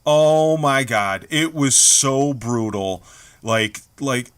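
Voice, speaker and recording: A man co-hosting a podcast, talking in casual, profane, animated rants about movie audiences. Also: medium pitch, extremely slow, smooth. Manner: profane, animated ranting with shouted impressions. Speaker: podcast co-host. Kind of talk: casual chat.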